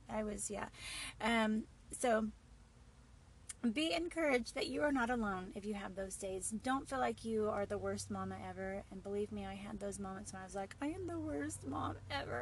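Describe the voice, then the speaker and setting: A woman's voice: mid-range voice, a little hiss or hum, rough recording. A woman hosting her own podcast, talking in an earnest, reassuring way with a few fillers. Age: adult mother of boys. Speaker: podcast host. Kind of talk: encouraging solo podcast talk.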